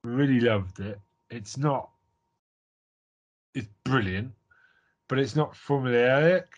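A man's voice: mid-range voice, slow, dull audio. Man, from Britain, podcast co-host, casual, rambling. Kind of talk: casual film chat.

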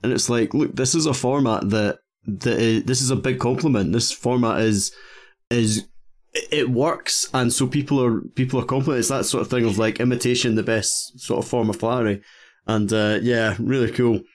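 Male podcast host, casual interview, hesitant, halting, mid pitch.

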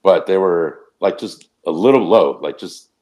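A man on a podcast telling a rambling, profane anecdote in a casual, animated way. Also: deep voice, normal speed, highs cut off. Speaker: podcast co-host. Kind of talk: casual storytelling.

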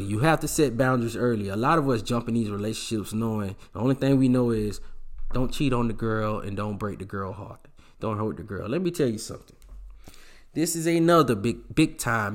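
An adult man with a child speaks at medium pitch and a moderate pace. In a casual monologue, he gives blunt, slangy relationship advice with emphatic delivery.

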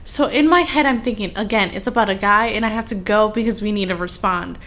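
A young woman co-hosting a podcast in casual chat, telling animated, rambling stories full of fillers. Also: mid-range voice, fairly quick. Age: young adult. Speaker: podcast co-host.

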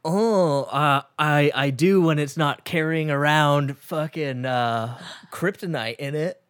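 A woman's voice: sits low, takes it slowly, smooth, no echo, clean studio sound. A woman co-hosting a podcast, trading sarcastic, crude jokes in casual chat. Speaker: podcast co-host.

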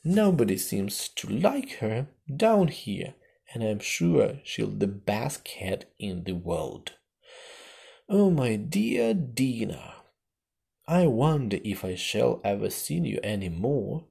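An eager, polite little storybook girl, spoken slowly and with a lively, rising lilt, as a man reads her. The voice stays dark and a little gravelly under the girlish sweetness. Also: fairly low pitch, full character voice.

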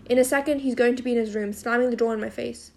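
A woman narrating a first-person novel as an audiobook, in a steady storytelling manner. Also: a little high, fast talker, gravelly.

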